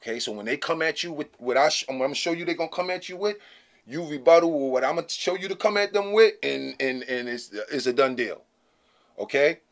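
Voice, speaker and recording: Hosting his own channel, a man addresses the camera casually in a fairly high, expressive voice at a slightly fast pace. He's blunt, slangy and emphatic, repeatedly checking in with "okay?".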